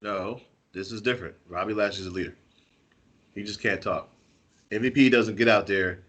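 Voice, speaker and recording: A man's voice: fairly low pitch, moderate pace, a bit bright. A man co-hosting a casual wrestling podcast, arguing his take with a playful laugh. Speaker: podcast co-host.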